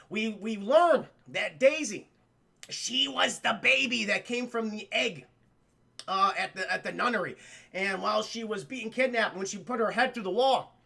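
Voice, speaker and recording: A young man excitedly recapping a film for his live chat, swearing freely and acting out the characters' lines. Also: high voice, vocal fry. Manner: profane, animated, acts out characters' lines. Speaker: streamer reviewing a film.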